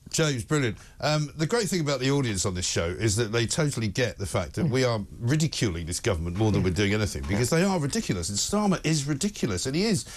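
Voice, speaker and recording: A man's voice: mid-range voice, very animated, fast, hardly any pauses, a little hiss or hum. A man hosting a talk show, speaking in an emphatic, sardonic way. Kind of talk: opinionated studio chat.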